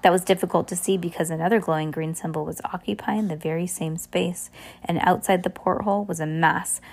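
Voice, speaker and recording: A woman's voice: lowish voice, steady tone, brisk, darkish tone. A woman reading a novel aloud, stumbling and restarting now and then. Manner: reads with frequent slips and restarts. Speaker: reader. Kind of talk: audiobook narration.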